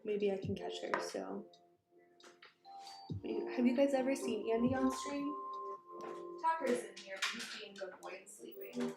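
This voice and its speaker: A woman's voice: fairly high pitch, a little slow, long pauses. A woman chatting casually on a makeup livestream, rambling and groping for words while talking to viewers and her cats. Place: small room at home. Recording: echoey room with background music. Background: background music.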